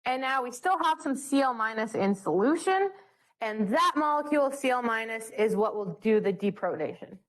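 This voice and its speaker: A woman's voice: on the high side, expressive, a little fast. A young woman leading a chemistry study session in a bubbly, joking way. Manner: bubbly, joking, self-mocking. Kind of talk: classroom teaching.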